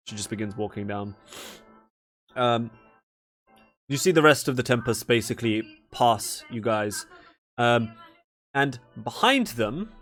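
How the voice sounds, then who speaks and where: A man's voice: medium pitch, a bit bright. A man narrating a tabletop game as game master, casual and rambling with many fillers.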